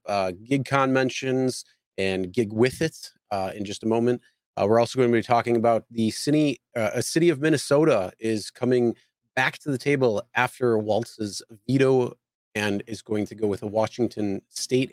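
A man's voice: lowish voice, moderate pace, no echo, clean studio sound. A man co-hosting a casual live show, talking loosely with lots of fillers and restarts. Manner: rambling, many fillers and restarts. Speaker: co-host.

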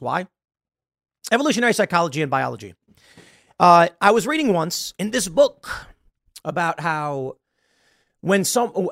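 A man's voice: on the high side, creaky, fairly bright tone, no echo, clean studio sound. A man hosting an opinion commentary show, lecturing with a sarcastic edge. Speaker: political commentary host.

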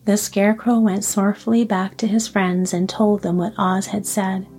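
Mellow-voiced woman reading a storybook. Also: mid-range voice, little pitch movement, normal speed, faint music behind. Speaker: audiobook narrator.

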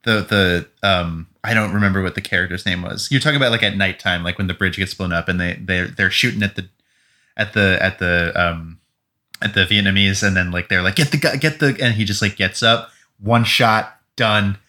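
Chill crude podcast dude, low voice but bright, stumbles a lot. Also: male voice, fairly even intonation, normal speed. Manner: laid-back, crude, stumbling. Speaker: podcast co-host. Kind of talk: casual chat.

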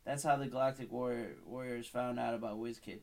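A man in his thirties reads aloud a story he wrote as a child. He keeps stopping for wry, self-mocking asides about it. His voice sits at an ordinary middle pitch for a man. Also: fairly even intonation, a little fast, darkish tone. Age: 30s. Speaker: podcast host.

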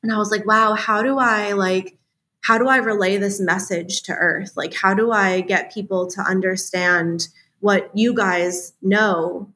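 Woman guest on a chat podcast, mid pitch, lots of "like", plays out her own thoughts as she tells it. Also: fairly even intonation, unhurried, pushed and bright, slight background noise. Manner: chatty, many fillers, acts out her own inner dialogue. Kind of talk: casual storytelling interview.

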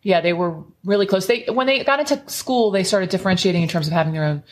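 A middle-aged woman, a podcast guest, telling family stories in an animated, chatty way. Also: mid-range voice, fast talker. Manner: animated storyteller, acts out her kids' voices. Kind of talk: casual storytelling chat.

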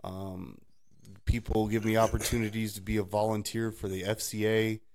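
A man's voice: fairly low pitch, flat delivery, normal speed, darkish tone. A man co-hosting a casual faith podcast, rambling through personal stories and laughing often. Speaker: podcast co-host.

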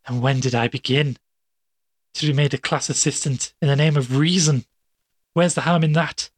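A man's voice: on the high side, fairly even intonation, normal speed, breathy edge, dry recording. A man voicing an anxious young male medical student, talking in a strained, pleading way. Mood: anguished.

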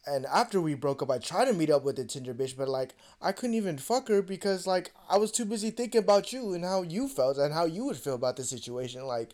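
A young man co-hosting a podcast, telling a personal story in a casual, profane and animated way and acting out the other voices. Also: medium pitch. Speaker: podcast co-host.

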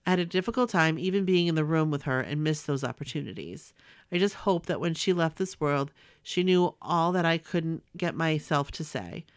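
Woman, 40s, earnest story reader, lower pitch, smooth and clear voice, dry close mic. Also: moderate pace, no echo. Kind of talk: reading a personal letter aloud.

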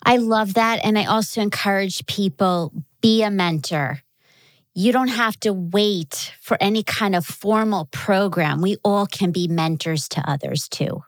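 Brief: woman host, mid voice, measured, encouraging, dry close sound. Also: mid-range voice, dry recording. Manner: measured and encouraging, asks questions. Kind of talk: podcast interview.

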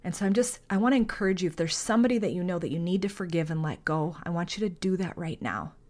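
A woman's voice: on the low side, animated, fast talker, darkish tone. Earnest woman hosting a faith podcast. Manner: earnest, heartfelt, conversational; reads scripture, then prays aloud. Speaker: podcast host.

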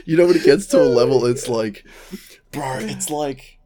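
A podcast co-host tells a story with animated energy, swearing heavily and laughing often during casual chat. His voice sits in the mid-range at a moderate pace, with crowd noise in the background.

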